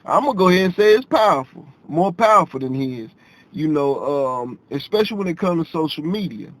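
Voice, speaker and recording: High-voiced man telling a story. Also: a little fast, dry recording, low-quality recording. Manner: animated, repeats himself, quotes others in dialogue. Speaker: vlogger telling a personal story. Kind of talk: casual storytelling to camera.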